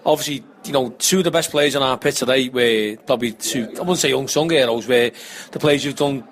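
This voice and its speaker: A man talking football casually, full of fillers and restarts. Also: mid-range voice. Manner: quick, hesitant with fillers. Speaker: football fan pundit.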